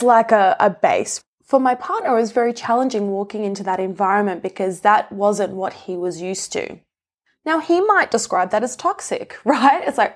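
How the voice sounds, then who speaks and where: A young adult woman talking in a casual, earnest way, explaining ideas and sharing personal stories with laughs and asides. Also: medium pitch. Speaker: relationship speaker. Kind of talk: reflective explanatory talk.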